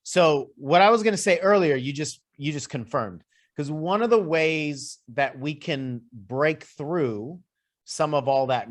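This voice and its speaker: A man working as a life coach, talking a client through her business goals in a loose, conversational way with lists and asides. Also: mid-range voice. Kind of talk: coaching session.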